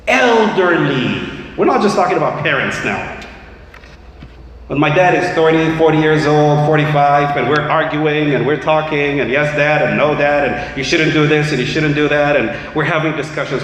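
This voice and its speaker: A man's voice: on the high side, normal speed, slight background noise. Impassioned man preaching in an echoey hall. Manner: impassioned, rising to shouts. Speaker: imam. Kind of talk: sermon. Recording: echoey hall, faint ambience.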